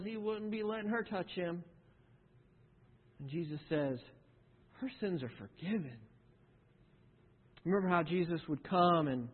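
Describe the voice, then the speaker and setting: Earnest high-voiced male preacher, tinny reverb. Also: slightly rough. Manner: earnest, stumbles and repeats words, rhetorical questions. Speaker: pastor. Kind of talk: sermon. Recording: tinny phone-like sound with long hall reverb.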